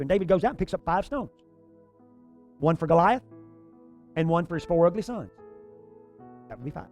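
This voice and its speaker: A pastor preaching a sermon, telling a story with lively energy and stumbling over repeated words. His voice sits high for a man. Soft music plays faintly underneath. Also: moderate pace, pauses often.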